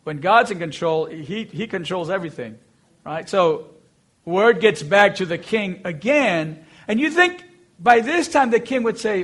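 A man with a notably high voice preaching a sermon. He tells the scripture story expressively and leans hard into slow, emphatic phrases. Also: expressive, fairly bright tone, husky. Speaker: pastor.

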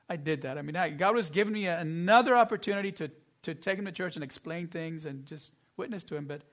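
A pastor with a fairly high voice delivers a sermon. He tells personal stories earnestly and acts out both sides of the conversations. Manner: storytelling, lively and earnest with acted-out dialogue.

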